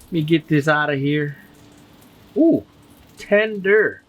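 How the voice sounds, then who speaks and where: Slow, easygoing man at the grill. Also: on the high side, phone-quality sound. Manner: slow, relaxed and enthusiastic, addressing viewers as guys. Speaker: barbecue channel host. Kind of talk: casual cooking video talk to camera. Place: outdoors at a grill.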